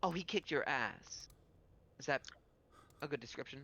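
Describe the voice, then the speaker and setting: A man's voice: medium pitch, lively intonation, moderate pace, vocal fry, sharp tone, heavily acted. A man voicing a mocking, cruel female jester who talks smugly. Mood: taunting. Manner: taunting, smug.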